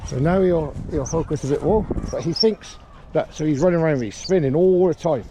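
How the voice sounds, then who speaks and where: A calm man teaches dog training out on a small grass field, his voice a touch higher than most men's but mellow in tone. Faint outdoor noise hums behind him, and he explains each step in a steady, matter-of-fact way. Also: brisk. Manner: calm explaining, with sharp shouted commands to a dog.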